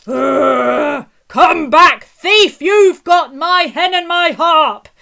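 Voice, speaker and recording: A woman voicing a huge grumpy giant in a booming, menacing storybook voice. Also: extremely slow, creaky, a bit bright, heavily acted. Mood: furious.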